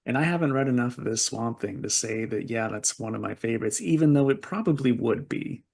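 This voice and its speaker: A man with a gravelly, creaky voice co-hosting a podcast. He talks in an easygoing way, giving measured opinions in relaxed conversation. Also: mid-range voice. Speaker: podcast co-host. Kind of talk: casual chat.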